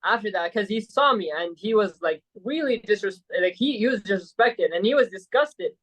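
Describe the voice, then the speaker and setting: A man's voice: high voice, expressive, moderate pace, a bit bright, rough recording. A man from Saudi Arabia, a podcast guest telling a story in a casual chat, rambling with lots of fillers and tag questions. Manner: rambling, peppered with "like" and "right?".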